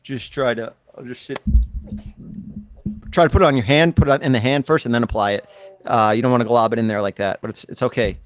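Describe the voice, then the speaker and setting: A man's voice: mid-range voice, steady tone, fairly quick, dry recording. A man hosting a podcast in casual chat, joking and rambling with mock-tough banter. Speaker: podcast host.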